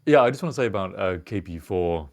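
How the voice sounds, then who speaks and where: Low-voiced and animated, this young British podcast co-host talks fast in casual chat. He rambles reflectively and swears now and then.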